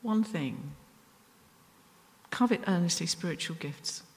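A woman's voice: fairly low pitch, animated, a little mellow. Woman preaching in a reverberant hall. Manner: earnest, self-deprecating, pauses and restarts. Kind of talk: sermon.

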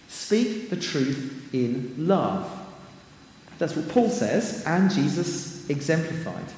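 A man's voice: a little high, darkish tone. A man giving a sermon in a conversational way, with fillers and asides, quoting scripture at length. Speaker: preacher. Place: church hall. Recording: echoey hall with long reverb.

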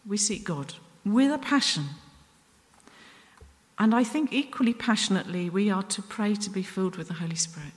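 A woman preaching a sermon up at the front, earnest and self-deprecating, with pauses and restarts. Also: mid-range voice. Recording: long reverb from a hall.

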